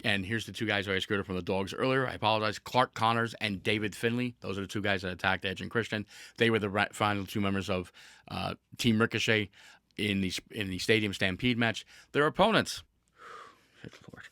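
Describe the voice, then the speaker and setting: A man's voice: on the low side, steady tone, fairly quick, sharp tone, no room sound, studio quality. A man hosting a casual podcast, telling a story with energy, with laughs and restarts along the way. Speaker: podcast host.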